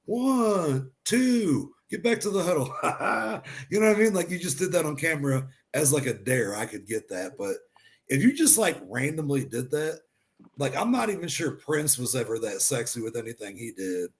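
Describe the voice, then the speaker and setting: A man's voice: mid-range voice, sing-song, moderate pace. A man hosting a sports podcast, telling stories animatedly, acting out quotes and swearing freely. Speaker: podcast host. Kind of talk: casual sports chat.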